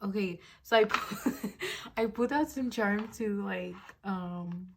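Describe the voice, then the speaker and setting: A woman's voice: mid-range voice, slow pace, noisy background. Giggly young woman giving a tarot reading. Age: 20s. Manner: giggly, rambling, lots of fillers. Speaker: tarot reader. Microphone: phone on a desk mount.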